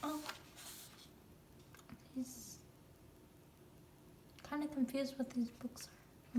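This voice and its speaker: A young woman unboxing a photobook in casual chat, gushing with excited exclamations and sometimes dropping to a soft whisper. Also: high voice, a little slow, pauses often, slight background noise. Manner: drops to soft whispers at times. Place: room with a countertop, squeaky chair. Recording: echoey room with faint ambience.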